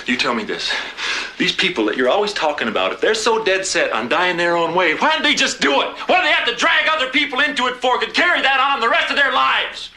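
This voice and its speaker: A man's voice: fairly high pitch, sing-song, brisk, pushed and bright. An actor playing an older husband pleading with his dying wife in a 1980s TV movie. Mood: anguished. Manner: pleading, anguished.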